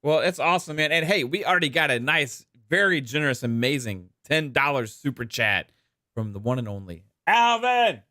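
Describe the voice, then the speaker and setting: A man's voice: a little high, sing-song, normal speed, bright, forceful tone, no room sound, clean studio sound. A man from Texas hosting a gaming podcast in a laid-back, casual way, with many fillers. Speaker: podcast host. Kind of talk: casual chat.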